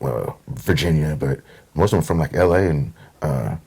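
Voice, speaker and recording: A man's voice: very deep voice, normal speed, a little mellow, husky. A middle-aged man from Portland, Oregon, telling stories as a guest in a casual conversation and acting out the voices of people he quotes. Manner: easygoing storyteller, acts out quotes.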